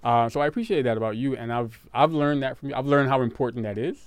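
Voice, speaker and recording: Rambling man in relaxed couple chat. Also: mid-range voice, quick pace, clear, resonant tone, dry recording. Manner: rambling, repeats words, laughs often.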